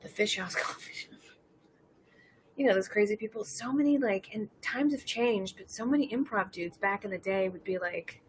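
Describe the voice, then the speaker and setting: A woman's voice: mid-range voice, brisk, few pauses, a little hiss or hum. A woman in her thirties hosting a casual drinking livestream, rambling through stories, laughing and reading chat messages. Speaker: livestream host.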